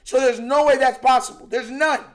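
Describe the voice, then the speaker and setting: A man hosting a live game watch-along stream as a fan, reading out donations and reacting excitedly to the plays. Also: very high voice, moderate pace. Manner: excitable, reads out donations, argues with himself. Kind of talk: casual fan commentary over a live broadcast.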